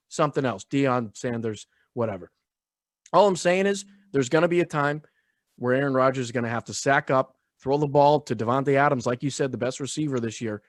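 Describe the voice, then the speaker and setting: A man co-hosting a sports podcast, joking and talking with crude, animated banter. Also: medium pitch, a little fast, dry recording, studio quality. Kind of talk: casual sports analysis chat.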